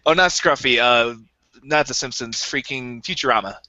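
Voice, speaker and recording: Bright, chatty man, dry mic. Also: medium pitch, normal speed, dry recording, lo-fi sound. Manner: laughing, joking, chatty. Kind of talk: casual podcast chat.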